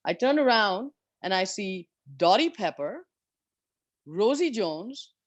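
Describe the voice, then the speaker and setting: A woman golfer telling stories of her years on tour in an interview, animated and candid, swearing freely. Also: medium pitch, slow, no room sound. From India. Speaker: professional golfer guest. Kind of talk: storytelling in an interview.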